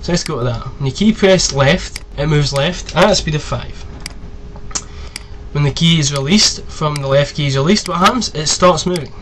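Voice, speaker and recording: A man in his twenties giving a casual, rambling tutorial, chatty and quick to swear. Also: fairly high pitch, fairly bright tone, slight background noise. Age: 20s. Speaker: video tutorial host. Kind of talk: casual screen-recorded tutorial.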